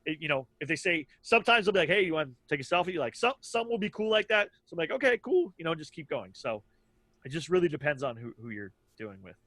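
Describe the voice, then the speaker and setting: Man in his 30s, raised pitch, rambling casual storyteller with many fillers, very dry close sound. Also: very animated, fast, sharp tone, no echo. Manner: rambling, lots of fillers and acted-out quotes. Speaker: podcast co-host.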